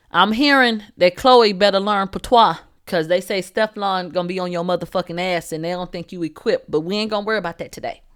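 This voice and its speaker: Brash, bright-voiced woman gossip host. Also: clear, resonant tone. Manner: brash, profane, swings from low asides to loud outbursts; laughs and talks to the chat. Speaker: host of a celebrity gossip show. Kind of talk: livestream entertainment gossip commentary.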